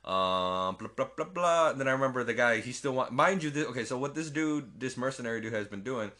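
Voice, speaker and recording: A man casually recapping a movie plot with a friend, swearing often and acting out the characters' lines in quick silly voices. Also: mid-range voice. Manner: animated, profane, acts out quotes in silly voices. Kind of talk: casual film recap chat.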